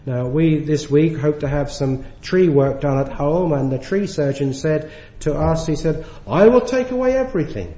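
A man delivers a sermon at an unhurried pace, leaning on key words as he goes. His voice sits fairly high. The sound carries the echo of a church hall. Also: steady tone, warm tone. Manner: earnest, slows and stresses key words. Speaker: preacher.

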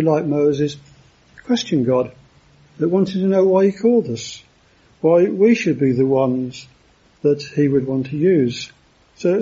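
A man preaching a sermon in a halting way, with many fillers and restarts. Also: fairly high pitch, mellow, husky, highs cut off.

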